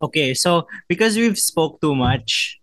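A man's voice: fairly high pitch, lively intonation, measured pace, fairly bright tone, no echo. A young man hosting a casual podcast chat, mixing in Tagalog and laughing often. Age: young adult. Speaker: podcast host.

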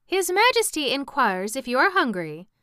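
A woman's voice: sits high, big pitch swings, normal speed, pushed and bright, no room sound, clean studio sound, voice pushed up, heavily acted. A woman voicing a teasing, mischievous young girl interpreter in a storybook reading. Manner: teasing and playful.

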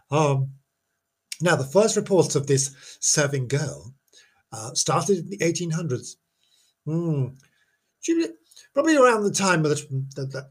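A man with a slightly husky voice hosts a jokey ghost-story podcast. He rambles along with lively ups and downs in pitch, tripping over and repeating words as he mocks himself. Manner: chatty, self-mocking, stumbles and repeats words. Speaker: podcast host.

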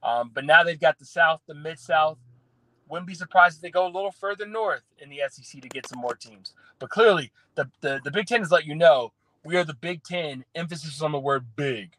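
A man from the US South giving animated, opinionated takes as a guest on a casual sports talk show. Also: on the high side, a little fast, no echo, rough recording. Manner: opinionated, animated, restarts phrases.

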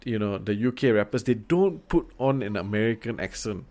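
Blunt low-voiced Singaporean man. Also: animated, brisk, darkish tone. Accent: Singaporean English. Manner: blunt, swears freely, many fillers. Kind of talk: casual chat.

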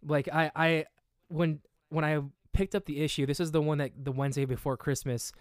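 A man co-hosting a casual podcast, retelling a story in an animated way, full of fillers and restarts. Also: fairly high pitch, fairly quick, clean tone, dry recording, studio quality. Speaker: podcast co-host. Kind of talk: casual chat.

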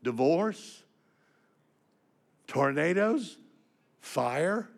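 An older man preaching a sermon, telling his story with emotion and swinging from hushed to emphatic. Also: a little high, animated, very slow.

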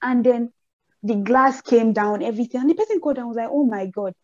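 A young Nigerian woman with a Nigerian accent chatting casually, telling animated stories and acting out the people she quotes in raised voices. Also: fairly high pitch, a little fast, no room sound, highs cut off. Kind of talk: casual chat.

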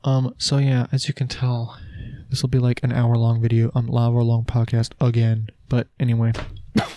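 A man's voice: mid-range voice, monotone, normal speed, dark tone, dry recording. A man hosting a solo podcast, talking casually in a rambling, chatty, self-deprecating way. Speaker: podcast host.

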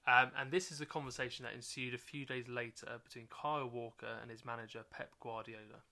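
A man co-hosts a comedy podcast and lays out the plan in chatty, laid-back talk. His voice is bright and of middling pitch. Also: flat delivery, brisk. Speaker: podcast co-host. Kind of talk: casual comedy podcast chat.

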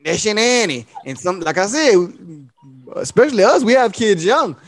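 High-voiced animated podcast host. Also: male voice, moderate pace. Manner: animated storytelling, acting out quoted people in high voices. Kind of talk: casual podcast banter.

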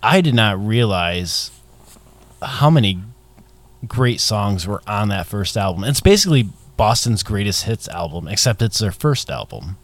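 A man's voice: on the low side, expressive, measured pace, no echo. A man co-hosting a podcast in casual chat, teasing his partner and laughing often. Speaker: podcast co-host.

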